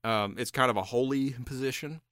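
A man's voice: medium pitch, brisk, fairly bright tone, dry recording, studio quality. A man co-hosting a casual podcast, telling history with swearing, laughter and mocking put-on voices. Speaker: podcast co-host. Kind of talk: casual history chat while drinking.

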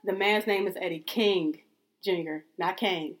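A woman's voice: lowish voice, measured pace. Laid-back woman podcast co-host. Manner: laid-back, insistent, laughs easily, swears casually. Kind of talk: casual chat.

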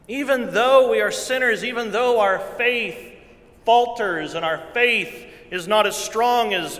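A man preaching a sermon in earnest tones, repeating phrases and swinging from loud to hushed. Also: high-pitched, measured pace. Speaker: pastor. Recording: long hall reverb.

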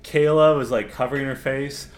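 A man's voice: medium pitch, fairly even intonation, moderate pace. A man hosting a casual chat, making blunt, emphatic points and swearing for emphasis. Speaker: podcast host. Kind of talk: casual chat about a reality show.

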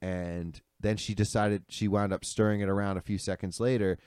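A man's voice: on the low side, flat delivery, moderate pace, a little mellow, clean tone, dry recording, clean studio sound. A man chatting casually as a podcast co-host, rambling through a story with lots of "dude" and "like" and casual swearing. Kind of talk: casual chat.

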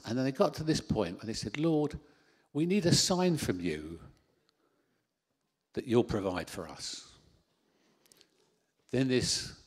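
A man preaching a sermon into a handheld microphone in a church hall, animated, with self-deprecating asides. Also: lowish voice, slightly rough.

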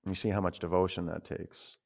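Male yoga teacher, low gravelly voice, gentle chatty cueing. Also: flat delivery, brisk. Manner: gentle, conversational cueing with frequent fillers. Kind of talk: guiding a yoga class.

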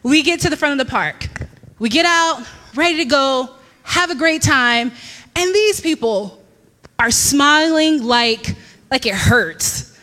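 A woman in her thirties telling a lively personal story to a church congregation, laughing often and acting out what people said. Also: high voice, slow pace, long reverb tail. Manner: animated storyteller, laughs often, acts out quotes. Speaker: church speaker. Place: church hall.

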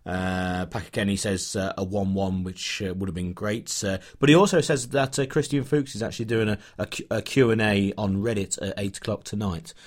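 A man's voice: on the low side, steady tone, fairly quick, few pauses. Rambling English man telling a story. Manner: rambling anecdote with many fillers and restarts. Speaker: podcast co-host, football fan. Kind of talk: casual chat, storytelling.

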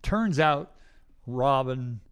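A man's voice: mid-range voice, expressive, extremely slow, smooth. Older guy telling long stories in a casual interview, does little voices for people. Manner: rambling anecdotes acting out quoted voices. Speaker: guest musician.

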